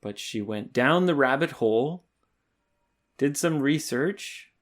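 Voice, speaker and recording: A man's voice: medium pitch, expressive, slow pace. A man co-hosting a teaching podcast, reading listener mail in wry, teasing banter. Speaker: podcast co-host, English teacher.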